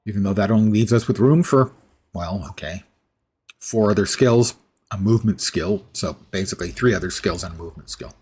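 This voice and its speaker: A man's voice: lowish voice, a little fast, darkish tone, husky. Man musing through casual game commentary. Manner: musing, thinks aloud with fillers. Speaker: game streamer.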